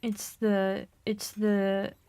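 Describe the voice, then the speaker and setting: A woman's voice: medium pitch, little pitch movement, very slow, mellow, clear, resonant tone, no echo. A young woman streaming a game, chatting casually, giggling often and reading game text aloud.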